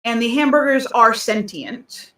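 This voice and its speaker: A woman's voice: on the high side, expressive, a little slow, pushed and bright, distant mic. A woman co-hosting a casual podcast chat, rambling with many ums and restarts. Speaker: podcast co-host. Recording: roomy sound, voice off-mic.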